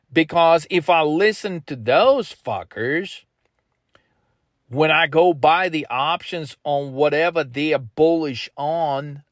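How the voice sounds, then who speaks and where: A man's voice: on the high side, a bit bright, no room sound, clean studio sound. A man coaching traders in a blunt motivational rant, swearing constantly and pushing his viewers hard. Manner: blunt, heavily profane, pushy. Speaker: trading coach.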